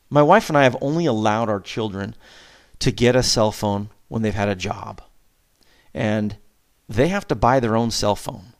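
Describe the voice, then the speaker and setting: Animated middle-aged dad giving parenting advice. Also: male voice. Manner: animated, acts out back-and-forth with his kids, chuckles often; pitch jumps up sharply on questions and emphasis. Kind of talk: casual advice talk.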